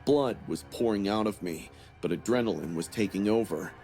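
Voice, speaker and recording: A man giving a scripted first-person horror narration in a steady, grim storytelling manner. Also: lowish voice, normal speed, soft background music.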